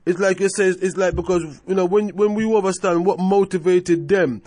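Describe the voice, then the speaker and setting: A man's voice: sits high, steady tone, normal speed, dark tone, dry recording. A man hosting a radio show, with a slightly raised voice. He talks emphatically and repeats his phrases. His voice sounds dry and close to the mic in the studio. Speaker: radio host. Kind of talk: casual radio chat.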